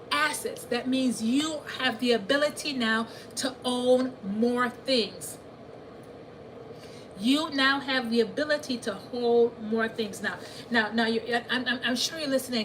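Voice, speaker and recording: Brief: woman money coach, higher voice, animated, faint noise behind. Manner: animated, repeats herself, asks listeners if they hear her. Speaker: financial coach. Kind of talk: live coaching session.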